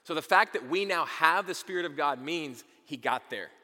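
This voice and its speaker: Male pastor, conversational sermon, bright forceful voice, somewhat high, long hall reverb. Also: expressive, moderate pace. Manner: conversational, repeats words when starting sentences.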